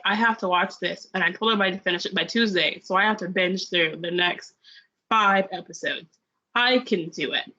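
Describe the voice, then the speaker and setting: A woman's voice: mid-range voice, fairly bright tone. A young woman co-hosting a podcast, telling a long, rambling story about binge-watching a show in a casual review chat. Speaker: podcast co-host. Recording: dull lo-fi sound.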